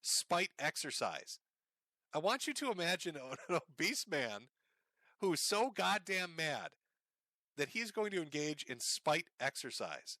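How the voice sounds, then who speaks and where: A man's voice: on the high side, big pitch swings, measured pace, pushed and bright, no room sound, clean studio sound. A man hosting a commentary show, talking sarcastically over clips, often laughing and swearing. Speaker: commentary host.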